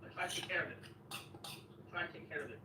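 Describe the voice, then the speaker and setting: Guy rambling on fast while he cleans his kitchen, repeats himself a lot, mic far off in an echoey room. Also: on the high side. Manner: rambling, repetitive storytelling. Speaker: vlogger. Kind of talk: casual chat while cleaning. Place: home kitchen. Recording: echoey room, distant mic, background noise.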